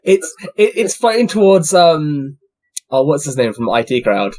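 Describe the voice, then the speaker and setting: A man's voice: on the high side, sing-song, measured pace, a little mellow. A man playing a tabletop game, chatting casually and teasing. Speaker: player.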